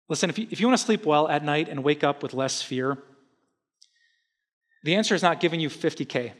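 Man preaching, middle-aged, energetic, casual and joking, slightly high voice. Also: fairly quick, pauses often. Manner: energetic, conversational, humorous. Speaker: pastor. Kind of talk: sermon.

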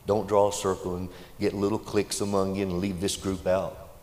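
A deep-voiced man preaches in a folksy, storytelling way, building to loud and emotional peaks. His voice rings through a large church hall with a long echo and faint background noise. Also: level tone, fairly quick. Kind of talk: sermon storytelling.

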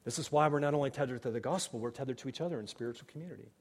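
A man delivering a sermon as pastor, earnest and shifting between hushed, quiet passages and emphatic, raised ones. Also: medium pitch, rapid-fire, slightly rough. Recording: long hall reverb.

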